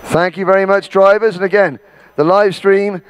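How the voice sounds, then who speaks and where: High-voiced Welsh man directing a crowd. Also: fairly even intonation, moderate pace, highs cut off. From Wales. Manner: bossy, joking, shouts out names. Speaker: event host. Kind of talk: directing a crowd and calling a roll.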